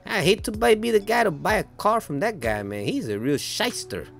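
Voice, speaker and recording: A man's voice: high voice, big pitch swings, normal speed, gravelly, soft background music, pitched above the performer's own voice, exaggerated voice. A man voicing an irate male viewer who heckles a painter with swearing and mock outrage. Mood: scolding.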